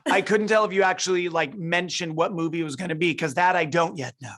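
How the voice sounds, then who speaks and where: A man's voice: high-pitched, fast talker, fairly bright tone. A middle-aged man, a film director, answering interview questions eagerly and often restarting his sentences. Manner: eager, restarts and repeats words as he thinks. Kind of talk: interview over a video call.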